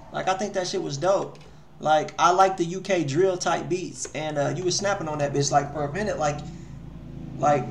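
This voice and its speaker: Dude with a high voice running a music review stream, lots of slang and cussing, echoey room. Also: male voice, slight background noise. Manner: loose, slangy, swears freely. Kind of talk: casual livestream chat.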